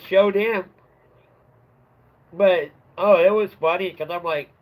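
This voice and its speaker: A middle-aged man chats on his livestream, voice sitting a little high for a man. He rambles loosely through an old work story and laughs at his own punchlines. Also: slow, long pauses, slight background noise, rough recording. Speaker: livestream host. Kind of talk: casual storytelling chat.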